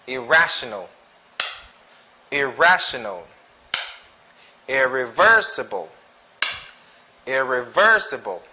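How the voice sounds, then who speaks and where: A man teaching pronunciation to kids, repeating each word slowly and deliberately and sometimes correcting himself mid-word. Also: fairly high pitch. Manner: slow, deliberate word-by-word repetition. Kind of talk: pronunciation drill lesson for kids. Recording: noticeable background noise.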